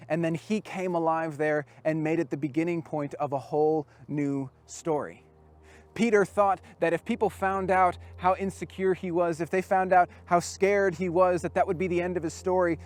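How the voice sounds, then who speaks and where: Earnest, higher-voiced male preacher. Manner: earnest, with dramatic pauses, often dropping to a hush. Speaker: camp speaker. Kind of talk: storytelling sermon.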